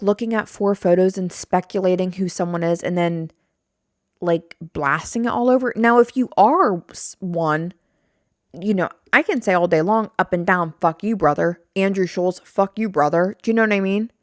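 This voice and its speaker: This young woman hosts a solo podcast, rambling casually and poking fun at herself, with the occasional swear. Her voice sits in the mid-range and moves at a moderate pace. She's on a stand-mounted studio mic, and the sound is clean with no room tone.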